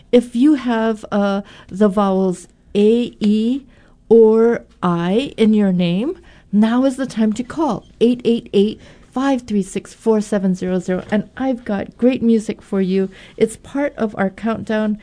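Chatty woman radio host, mellow tone. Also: medium pitch, slow. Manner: chatty, upbeat, with fillers. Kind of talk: pledge drive radio hosting. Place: radio studio.

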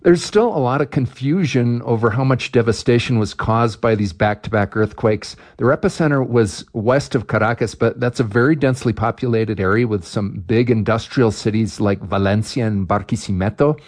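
A man's voice: medium pitch, normal speed, few pauses, darkish tone. A man, a reporter, describing a news event in plain, conversational reporting.

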